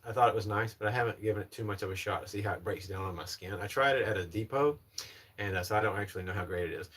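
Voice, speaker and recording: A man's voice: on the low side, fairly bright tone. A young man from North Carolina with a Southern American accent, hosting a casual livestream and answering chat comments in a polished presenter voice. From North Carolina, USA. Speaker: livestream host.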